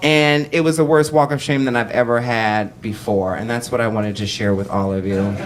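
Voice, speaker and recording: A man telling a comic story on a cabaret stage to a live audience, animated and profane, acting out the voices of the people in it. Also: medium pitch, normal speed, a little hiss or hum.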